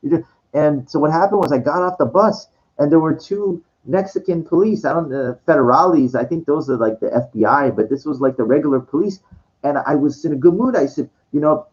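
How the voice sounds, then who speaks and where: A man's voice: on the high side, fairly quick, a little mellow. Rambling man telling a story, lo-fi. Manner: rambling, full of restarts and swearing; acts out quoted voices. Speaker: vlogger telling a personal story. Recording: dull lo-fi recording.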